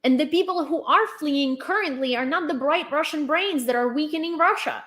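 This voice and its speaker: A woman's voice: high-pitched, normal speed, fairly bright tone. A young woman from Ukraine, giving blunt, sarcastic, condescending live-stream commentary with swearing. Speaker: vlogger.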